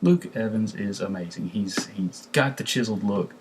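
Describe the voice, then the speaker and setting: Over a noisy background, a man with a voice on the low side reviews a film at normal speed. His delivery is casual and rambling, packed with fillers and restarts.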